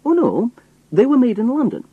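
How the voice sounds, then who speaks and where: A man's voice: very high-pitched, very animated, moderate pace, slightly rough, no room sound, narrow, tinny audio, voice pushed up, exaggerated voice. A man voicing a character who fakes a Scottish roadman, speaking in an easygoing, folksy Scottish accent. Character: man faking a Scottish roadman, plain and calm.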